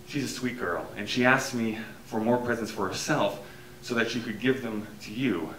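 A man voicing a weary, gentle old Santa Claus who speaks slowly and somberly. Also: mid-range voice, slight background noise, close to an everyday voice. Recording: echoey room from far off.

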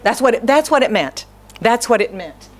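A woman's voice: fairly high pitch, lively intonation, moderate pace. A woman pastor preaching an earnest, conversational sermon, often asking the congregation questions.

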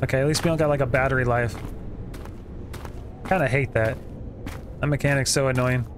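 A man's voice: mid-range voice, steady tone, a little fast, background noise. A man hosting a gaming channel, giving casual, joking running commentary as he plays. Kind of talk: let's play commentary. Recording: game audio playing behind.

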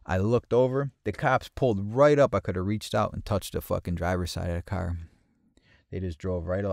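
Low-voiced man telling a profane story. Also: brisk, no room sound, clean studio sound. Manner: profane, with frequent restarts and repeated words; grows louder and higher at tense moments. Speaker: podcast host telling a personal story. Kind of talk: casual first-person storytelling.

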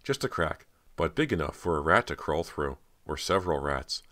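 A man reading a horror audiobook in a steady, dramatic way. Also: very deep voice, moderate pace. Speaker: audiobook narrator. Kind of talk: scripted narration of a horror novel.

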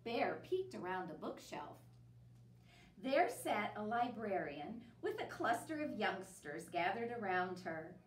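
A woman reading a children's picture book aloud as a library storyteller, with lively expression. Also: medium pitch, slow, roomy sound, recorded from a distance, slight background noise.

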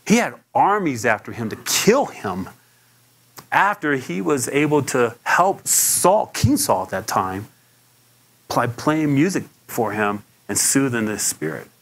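A man preaching in an easy, conversational way, his voice at an ordinary middle pitch. He tells stories, stumbles and repeats himself now and then, and his voice leaps far higher when he acts out what people said. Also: big pitch swings, a little slow. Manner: leaps much higher when acting out quotes. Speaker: pastor. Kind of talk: sermon.

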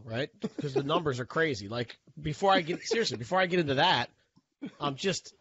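A man's voice: a little high, animated, fairly quick, fairly bright tone, husky, highs cut off. A man co-hosting a podcast, blunt and profane, rambling and restarting as he asks a question. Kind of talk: casual podcast chat.

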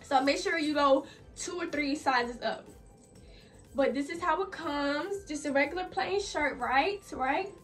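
A young adult woman, a fashion vlogger, speaks in a high, fairly bright voice at a slightly slow pace. Chatty and a little breathless, she walks through a clothing DIY tutorial, sprinkling in plenty of "like" and "y'all." She's recorded from a distance, off the mic, with faint music in the background.

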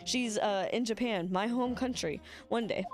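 A woman's voice: a little high, normal speed, soft background music, lightly acted. A woman voicing an earnest young male lawyer, reading game dialogue aloud.

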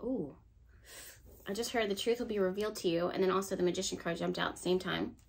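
A woman's voice: medium pitch, steady tone, quick pace, creaky. A woman reads tarot cards straight to her viewers in a loose, chatty way. She encourages and cheers them on. Faint background noise sits under her voice. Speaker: tarot reader. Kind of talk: casual tarot reading to camera.

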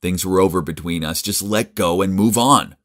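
A man's voice: low voice, moderate pace, fairly bright tone. Man doing a blunt, fed-up young guy. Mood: firm.

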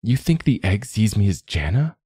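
A man with a low voice reading the part of a proud, ambitious young novice monk who tries to sound light under pressure. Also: sing-song, moderate pace, warm tone, slightly rough, no room sound, studio quality. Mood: strained.

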